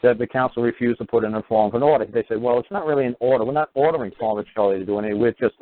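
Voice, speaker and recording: Talking very fast in a mid-range voice, this host spins a long, casual story on his talk show, doing animated impressions of each quoted person. The sound is tinny, like a phone line.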